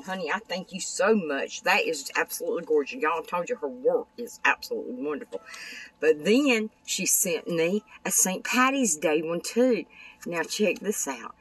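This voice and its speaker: A woman's voice: fairly low pitch, husky, recorded from a distance, low-quality recording. An older woman, chatting casually in a craft vlog and gushing over the things she shows. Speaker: craft vlogger. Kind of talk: casual show-and-tell vlog.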